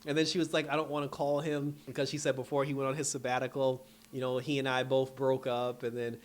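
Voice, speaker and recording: A man's voice: medium pitch, little pitch movement, fast. A man casually recapping a TV episode, telling it like a story and acting out the characters' lines with bursts of laughter. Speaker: show reviewer.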